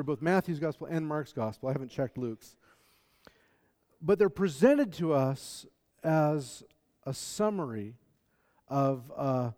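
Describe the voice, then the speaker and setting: Man preaching in a reverberant hall. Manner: conversational, with fillers and self-corrections, turning soft and low in prayer. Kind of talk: sermon with Scripture reading and prayer. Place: church or large hall.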